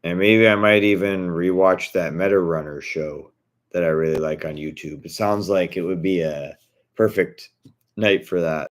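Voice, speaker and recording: Man, very low voice, casual vlog rant, blunt, swearing. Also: fairly even intonation, normal speed. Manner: indignant, blunt, swears freely.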